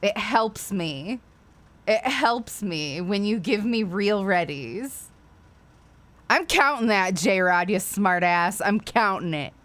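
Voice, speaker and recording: A woman's voice: medium pitch, expressive, takes it slowly, a bit bright. Profane woman ranting on a livestream. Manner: profane, ranting, apologetic asides. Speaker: livestream host. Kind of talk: casual livestream chat.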